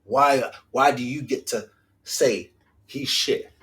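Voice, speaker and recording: A man's voice: mid-range voice, slow, fairly bright tone. A man, hosting a fan channel and ranting casually in slang, full of rhetorical questions.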